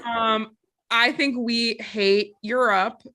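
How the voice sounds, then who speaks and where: Woman podcast co-host, slightly high and bright, blunt comic delivery. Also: fairly even intonation, slow pace. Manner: blunt, jokey, exaggerated asides. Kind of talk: casual chat.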